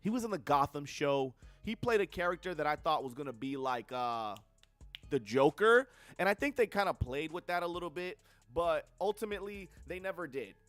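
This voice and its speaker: A man's voice: fairly high pitch, expressive, normal speed, a bit bright, dry recording, faint music behind. Blunt, profane young man ranting. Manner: blunt and profane, with slangy asides. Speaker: film reviewer on livestream. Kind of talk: casual movie review rant.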